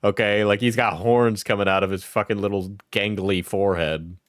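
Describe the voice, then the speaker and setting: A man's voice: fairly low pitch, steady tone, moderate pace, dry recording, studio quality. A man reacting to a clip as a streamer, mocking and profane, with bursts of laughter. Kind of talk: reaction commentary.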